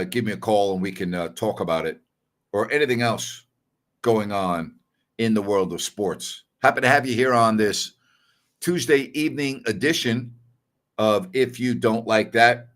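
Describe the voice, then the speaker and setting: His fairly low, slightly bright voice runs at a normal speed. As host of a sports talk show, he offers blunt opinions conversationally, with fillers and self-corrections, repeating himself for emphasis and retracting his harsher words.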